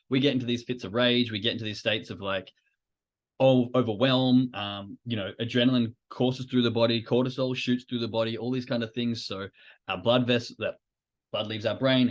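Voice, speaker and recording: A man's voice: mid-range voice, fairly even intonation, brisk. A man hosting a podcast, explaining ideas in an informal, conversational way with frequent fillers. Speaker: podcast host. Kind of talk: educational podcast talk.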